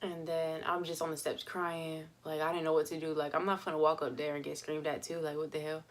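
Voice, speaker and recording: A woman's voice: sits low, level tone, a little fast. A young woman vlogger telling a story in a chatty, casual way, with lots of fillers and laughs.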